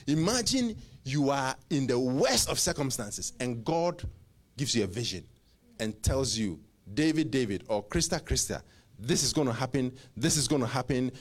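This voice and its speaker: A male preacher delivering a sermon, with call-and-response lines, stammered repeats and sudden loud rises. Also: medium pitch.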